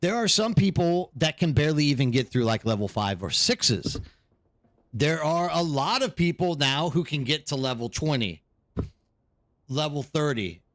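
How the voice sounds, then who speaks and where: Man host, fairly high voice, live gaming stream, casual rambling chat with viewers. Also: big pitch swings, moderate pace.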